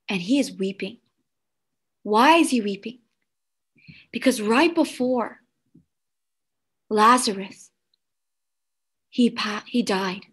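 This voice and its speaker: A woman children's pastor preaching to kids, animated and asking the room questions. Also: fairly high pitch, slow pace, long pauses, breathy edge. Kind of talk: children's sermon.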